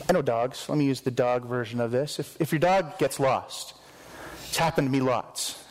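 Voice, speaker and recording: A man's voice: on the high side, long reverb tail, low-quality recording. A man preaching a sermon as pastor, earnest and conversational with self-deprecating asides.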